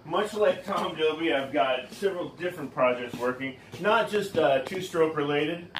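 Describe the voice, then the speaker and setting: A man's voice: fairly high pitch, lively intonation, normal speed, slight background noise. A man giving a casual, rambling tour of his garage and tools, full of fillers and self-deprecating asides. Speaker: lawn care business owner giving a garage tour.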